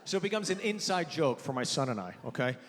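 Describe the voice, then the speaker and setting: Male stand-up comic, forties, high and animated, live in a reverberant venue. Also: fast. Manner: loud animated storytelling with sudden high-pitched yelps. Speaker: stand-up comedian. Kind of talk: stand-up comedy set. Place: theater stage before a live audience.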